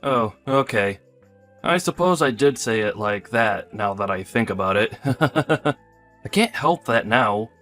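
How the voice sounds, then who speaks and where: A man's voice: medium pitch, animated, slow, a bit bright, faint music behind. A man voicing a careless, selfish young husband in a text-story drama, offhand and dismissive.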